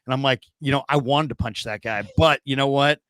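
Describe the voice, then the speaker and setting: A man in his forties hosting a casual sports talk show, telling stories with lively acted-out quotes. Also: mid-range voice, fairly quick, dry recording. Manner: animated storyteller, acts out quoted people. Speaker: show host. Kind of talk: casual sports podcast chat.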